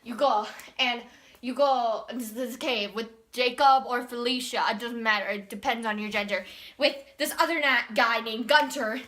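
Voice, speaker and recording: A woman's voice: a little high, normal speed, sharp tone. A woman who hosts a gaming channel, rambling casually through a game's story and acting out the characters' lines with many restarts. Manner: rambling, acts out quoted lines, frequent restarts. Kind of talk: casual rambling game recap.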